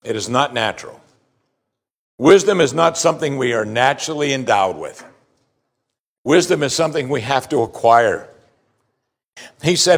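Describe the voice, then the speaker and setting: A man's voice: a little high, expressive, moderate pace, long pauses. Man preaching with emphatic swings. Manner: emphatic, swings between loud declarations and quiet asides. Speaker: pastor. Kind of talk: sermon.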